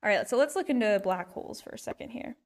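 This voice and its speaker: A woman's voice: on the high side, animated, fast talker. Rambling, playful woman hosting a podcast. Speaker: podcast host. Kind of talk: casual solo chat. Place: at home.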